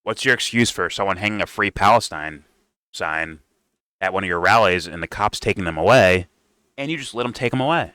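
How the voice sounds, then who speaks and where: A man's voice: low voice, lively intonation, fairly quick, pushed and bright, clean tone, dry recording. A man hosting a casual reaction commentary, heated, sarcastic and profane. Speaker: political commentator.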